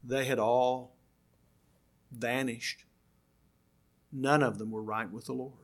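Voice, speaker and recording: An older man preaching a sermon, earnest and slowing down to stress key words. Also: medium pitch, steady tone.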